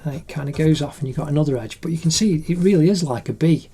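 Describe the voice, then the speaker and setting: A man's voice: a little high, fast talker, mellow, breathy edge. A middle-aged man narrating a drawing tutorial in a chatty, encouraging way, like an art teacher.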